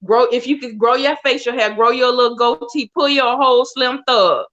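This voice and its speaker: A woman's voice: on the high side, moderate pace, fairly bright tone. A woman who is a guest on a live podcast, joking bluntly and teasing the host. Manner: blunt, teasing, frank about dating. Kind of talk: casual live podcast banter. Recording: dull lo-fi stream audio.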